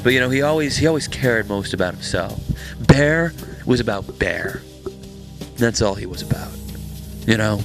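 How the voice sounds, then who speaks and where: A man playing a bitter, resentful ex-friend who talks haltingly with many fillers, with music clearly playing behind. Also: fairly low pitch, lively intonation.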